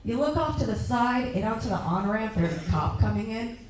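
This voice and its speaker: A young woman performing a stand-up set with a higher, very lively voice that keeps leaping up and down. She bursts into shouted rants for her asides. The sound is distant and echoey, caught from across a club room. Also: brisk, slight background noise. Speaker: stand-up comedian. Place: comedy club stage.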